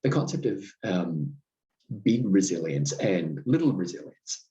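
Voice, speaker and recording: A man with a very low voice hosts a reflective podcast monologue. He tells wry, self-deprecating stories and halts often with ums and restarts. The recording sounds dull and slightly lo-fi. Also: very animated, dark tone. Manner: halting, lots of ums and restarts. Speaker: podcast host.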